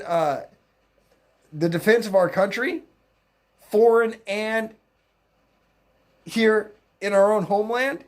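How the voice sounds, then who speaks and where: A political commentator ranting mockingly in a solo video, breaking into laughter often. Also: medium pitch.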